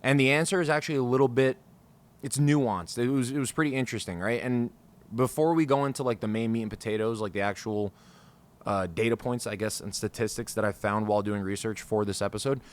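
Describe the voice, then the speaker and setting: A man's voice: mid-range voice, a little fast. Rambling, frustrated male podcast host. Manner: frustrated, rambling, swears freely. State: over-caffeinated, scattered. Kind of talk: casual solo podcast talk. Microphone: podcast microphone.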